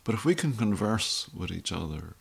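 A man's voice: fairly low pitch, very animated, normal speed, gravelly, husky. A middle-aged Irish man telling a rambling, wry story in a casual monologue. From Ireland. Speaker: vlogger.

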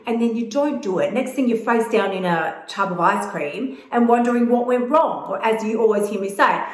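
A woman's voice: fairly high pitch, expressive, normal speed. A woman coaching viewers on weight loss in blunt, emphatic, casual talk that swears freely. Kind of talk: casual direct-to-camera advice. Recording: echoey room.

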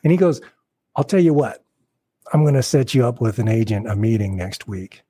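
A man being interviewed as a guest actor, telling anecdotes in a casual, animated way and acting out the people he quotes. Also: mid-range voice, moderate pace, husky, no echo. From Portland, Oregon.

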